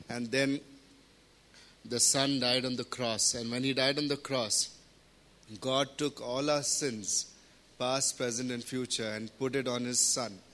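Male preacher, mid-range voice, earnest and deliberate sermon delivery. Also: medium pitch, a bit bright. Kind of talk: sermon with scripture reading and prayer.

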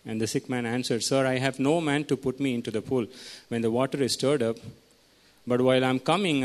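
A man delivers a teaching sermon at a mid pitch. He reads through scripture, tells his listeners which words to underline and keeps putting questions to them. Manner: teaching, asks the congregation questions. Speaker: preacher.

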